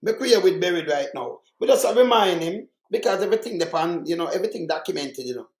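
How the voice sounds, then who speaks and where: A man's voice: high-pitched, lively intonation, fast talker, roomy sound. A Jamaican man giving heated political commentary, fiery and mocking, repeating himself for emphasis.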